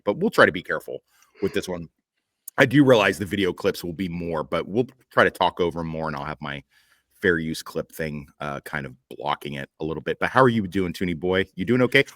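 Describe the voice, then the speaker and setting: A man's voice: deep voice, a bit bright, no room sound. A man hosting a casual group chat, joking, teasing and swearing freely. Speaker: podcast host.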